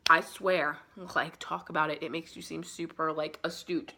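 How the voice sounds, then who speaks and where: A young woman with a rather low but bright, forceful voice chats through a book summary for her vlog. She rambles in a loose, profane, filler-heavy way. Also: flat delivery, moderate pace, creaky. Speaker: book vlogger.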